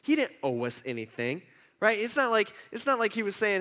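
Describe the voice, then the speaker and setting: A man in his thirties preaches with a noticeably high voice, sliding from hushed asides into emphatic bursts. He tells a family story the way a sermon storyteller would. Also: big pitch swings, fairly quick. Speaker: pastor.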